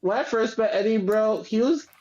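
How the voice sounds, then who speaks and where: A man talks at a lively clip in a bright, high voice, full of slang and laughter. He is a guest on a casual podcast. The sound is a little dull and lo-fi. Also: normal speed. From Wisconsin. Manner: animated, laughing, slangy storyteller. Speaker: guest breeder. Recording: dull lo-fi audio.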